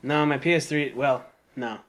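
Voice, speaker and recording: Young adult man, bright voice, rambling podcast co-host. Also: medium pitch, normal speed. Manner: rambling, self-interrupting, laughs easily. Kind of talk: casual chat.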